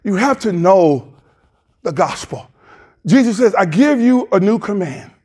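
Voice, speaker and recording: Hollering high-voiced preacher man. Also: very animated, a little slow, darkish tone, husky. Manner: impassioned, hollering preacher with colloquial Southern speech. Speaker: pastor. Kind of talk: sermon. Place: church.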